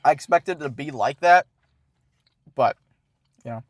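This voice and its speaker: A man's voice: on the high side, a little slow, dry recording. Rambling man with a raised voice. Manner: rambling, self-assured, jokey. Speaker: food review host. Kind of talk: casual food review chat. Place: inside a car.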